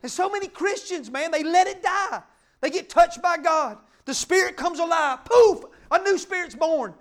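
Fervent high-voiced preacher man. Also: lively intonation, normal speed. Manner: fervent, emphatic, swings from loud declarations to quiet asides. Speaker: pastor. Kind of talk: sermon.

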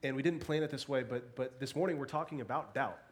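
A man's voice: mid-range voice, fast. Congested man preaching a sermon. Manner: earnest, hesitant restarts, softening into a hushed prayer. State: congested from a cold. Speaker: pastor. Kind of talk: sermon and spoken prayer. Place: church service.

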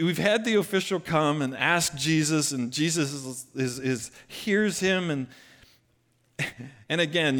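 A man preaching a conversational sermon, retelling a scripture story with lively bursts. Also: fairly high pitch. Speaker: pastor.

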